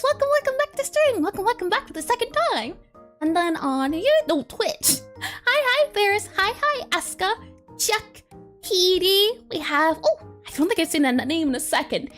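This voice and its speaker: Very high-voiced bubbly woman streamer. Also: a bit bright. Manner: bubbly, doubles greetings, giggles often. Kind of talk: casual livestream chat.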